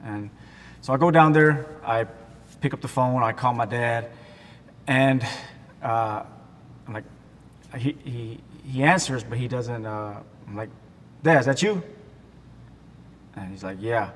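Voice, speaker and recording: A man in his forties from Texas tells his life story as an interview guest, halting and restarting, taking on the voices of people in his story. His voice has a long reverb tail, as if in a large hall. A faint low rumble sits underneath. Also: fairly bright tone. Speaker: guest sharing his testimony. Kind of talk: emotional personal storytelling in an interview.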